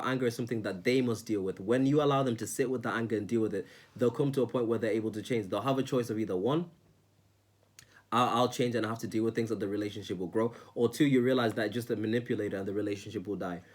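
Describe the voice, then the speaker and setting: A man's voice: on the low side, quick pace, few pauses, darkish tone. A man giving self-help advice in a casual, earnest monologue, often repeating words and restarting sentences.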